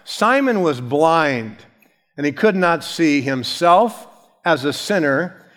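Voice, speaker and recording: A man's voice: fairly high pitch, lively intonation, slow pace, a bit bright. Man preaching in an echoing hall. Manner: conversational, storytelling with asides. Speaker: pastor. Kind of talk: sermon.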